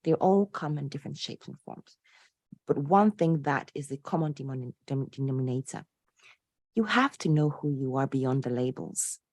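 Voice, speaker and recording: Low-voiced animated woman podcast guest. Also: moderate pace, dry recording. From Poland. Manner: animated storyteller, inspirational tone. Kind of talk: conversational interview.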